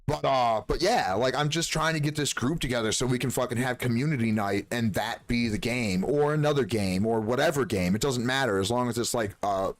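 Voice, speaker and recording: Swearing, animated male game streamer. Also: mid-range voice, brisk, few pauses, dry recording. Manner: animated storyteller, swears freely, acts out dialogue. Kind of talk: casual live-stream chat.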